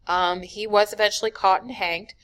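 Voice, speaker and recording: A woman teacher giving a recorded history lecture over slides, talking casually with many fillers and quick self-corrections. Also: medium pitch, fairly even intonation, fairly bright tone. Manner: casual, many "um"s, corrects her own slips. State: yawning, sleepy.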